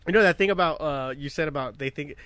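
A man's voice: fairly high pitch, fast, a bit bright, clear, resonant tone, dry recording. An American man co-hosting a podcast in casual chat, rambling, laughing often and swearing freely. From United States. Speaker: podcast co-host.

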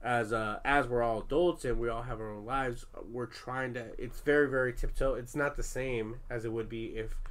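Candid, swearing dad telling stories. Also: male voice, medium pitch. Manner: candid, profane, animated storytelling. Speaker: parent. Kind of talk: casual podcast chat with family.

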